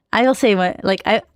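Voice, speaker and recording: A woman with a Russian accent chatting casually on a live trading stream, full of "like" fillers and quick laughs. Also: mid-range voice, a little mellow, no room sound. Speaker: live-streaming day trader.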